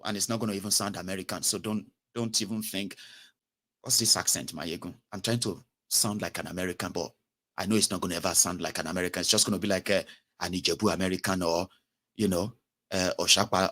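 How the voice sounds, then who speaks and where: A young Nigerian man with a Nigerian English accent and Pidgin, giving a casual, animated commentary monologue as host. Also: on the low side, fast talker. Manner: animated, mocking, switches to Pidgin and Yoruba.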